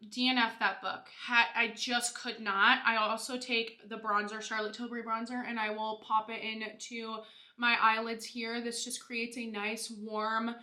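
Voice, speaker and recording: A bubbly young woman talks to her viewers while doing her makeup. Her voice is bright and a little high. The sound has an echoey room around it. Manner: bubbly, gushing, lots of "like" and "you guys". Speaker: beauty vlogger.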